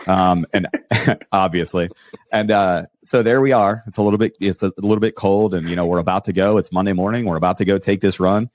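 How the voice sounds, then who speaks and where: A man with a very low voice hosts a casual podcast and tells animated stories full of restarts. He speaks into a close microphone, and the sound is dry and dead. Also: a little fast, dry recording. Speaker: podcast host. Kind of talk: casual storytelling interview.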